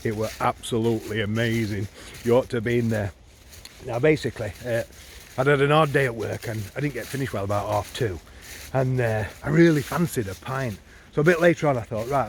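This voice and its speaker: A man's voice: mid-range voice, a little hiss or hum. A man telling a comic pub tale in a rambling, chatty way. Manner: rambling, chatty, with many fillers. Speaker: comic storyteller.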